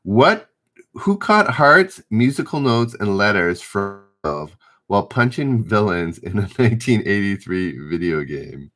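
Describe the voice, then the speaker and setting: A middle-aged man hosts a live trivia stream, reading questions aloud and rereading them whenever he stumbles over the wording. His voice is a little low, slightly bright and sing-song, and he talks in an unhurried, drawn-out way while calling out viewers' answers and chatting with them.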